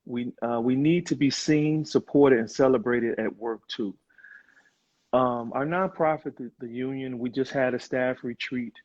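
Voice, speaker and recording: A man's voice: mid-range voice, unhurried, a little mellow. A man talking earnestly and reflectively in a casual live conversation, over a video call. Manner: earnest, reflective, with many fillers. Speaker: guest on a live video chat. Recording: muffled, lo-fi video call audio.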